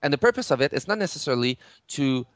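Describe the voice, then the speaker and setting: A man's voice: medium pitch, big pitch swings, quick pace, no echo. A middle-aged man, a game studio head in an interview, explaining game mechanics with many restarts and fillers.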